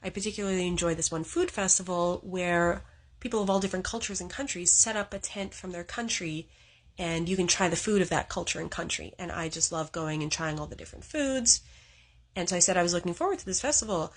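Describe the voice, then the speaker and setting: A woman's voice: fairly low pitch, a little fast. A woman from Canada chatting earnestly to camera about an old work story.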